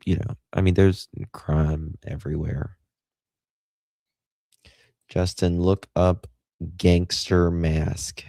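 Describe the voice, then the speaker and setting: A man's voice: deep voice, fairly even intonation, slow, creaky, long pauses, dark tone, dry recording. A man co-hosting a casual livestream, laid-back and mostly giving short agreeing replies. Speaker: co-host.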